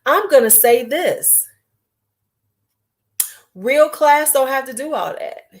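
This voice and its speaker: Blunt, animated woman vlogger. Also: sits high, slow. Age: 40s. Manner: blunt, animated, profane, self-mocking. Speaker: beauty vlogger. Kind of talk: casual chat.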